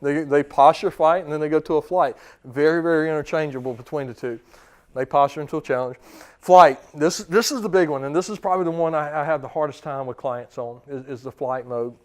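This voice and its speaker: A dog trainer in his thirties, with a high-ish voice and a fairly quick delivery, gives a casual seminar to clients. He quizzes the audience, asking them questions and using lots of fillers and restarts.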